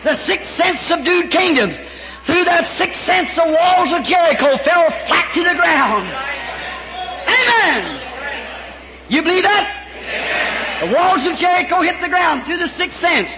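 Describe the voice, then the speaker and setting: A man preaching a storytelling sermon before a congregation, fervent, breaking into shouts and chuckles. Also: very high voice, big pitch swings, measured pace, over a noisy crowd. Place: large church hall before a congregation. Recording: echoey hall, faint background noise.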